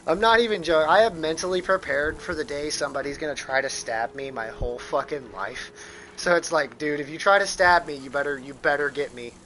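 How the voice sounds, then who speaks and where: A man's voice: on the high side, a little fast, a bit bright, faint music behind, low-quality recording. Profane rambling American man streaming. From United States. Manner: rambling and profane, with frequent restarts. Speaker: live streamer. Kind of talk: casual gaming stream chat.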